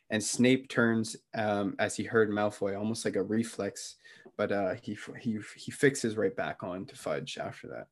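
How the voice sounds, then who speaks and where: Young male podcast co-host, slightly low voice, casual slangy recap full of fillers. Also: measured pace. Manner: relaxed, slangy retelling with many fillers.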